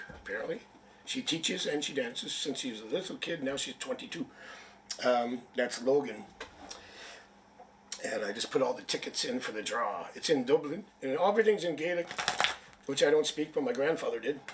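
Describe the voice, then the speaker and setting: A man's voice: mid-range voice, recorded from a distance, a little hiss or hum. A man from Canada reading tarot on a live stream, chatty and rambling, with jokes, a sniffle and a headache. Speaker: tarot reader.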